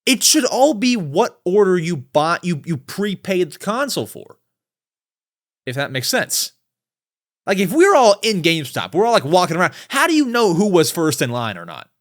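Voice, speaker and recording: A young man hosts a solo podcast, rambling casually and excitably at a moderate pace and often building into fired-up, exasperated rants. His fairly high voice leaps around a lot.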